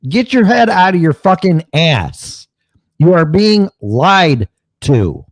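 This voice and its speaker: A man's voice: a little high, big pitch swings, slow, no echo, rough recording. A man co-hosting an online talk show, ranting bluntly and mockingly with plenty of swearing. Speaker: co-host. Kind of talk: angry political rant.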